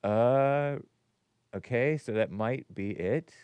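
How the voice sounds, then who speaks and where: A man's voice: mid-range voice, slow, smooth, no room sound, highs cut off. A man hosting a casual call-in show, reading viewer messages aloud and joking with chuckles. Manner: joking, chuckles while talking. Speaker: talk show host.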